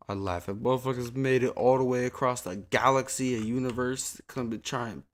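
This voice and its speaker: A man streaming from a small home desk, chatting to viewers in a slangy, profane, rambling way into a desk mic, sometimes yelling at a friend. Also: medium pitch. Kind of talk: casual live-stream chat. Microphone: desk mic on a soundboard.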